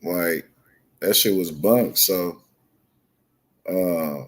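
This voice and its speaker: A man telling a story in casual chat, profane and animated, acting out both sides of the dialogue. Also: low-pitched, drawn-out words.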